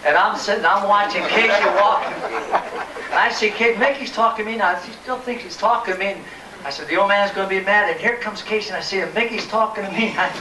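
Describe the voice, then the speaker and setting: An elderly former ballplayer with a high voice spins a lively story and mimics the people in it. He sounds set back from the mic in an echoing room, with a clear hiss of noise underneath. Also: brisk, recorded from a distance. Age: older. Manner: animated, acts out voices in his story. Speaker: retired ballplayer telling stories. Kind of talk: anecdote at a live event.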